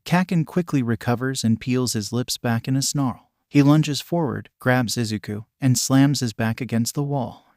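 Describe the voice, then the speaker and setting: Guy reading a fan story out loud, steady, mid pitch, dry close sound. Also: no echo. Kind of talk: scripted story narration.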